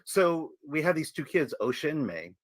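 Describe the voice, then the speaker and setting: A man on a casual review stream, making critical points in a deliberate way. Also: on the high side, very animated, no room sound. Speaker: podcast co-host. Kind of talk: critical show review chat.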